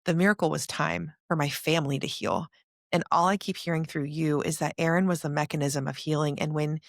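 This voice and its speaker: Low gravelly woman host, earnest, talks in quick bursts, dry close sound. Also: steady tone, no room sound. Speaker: podcast host. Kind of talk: casual conversation.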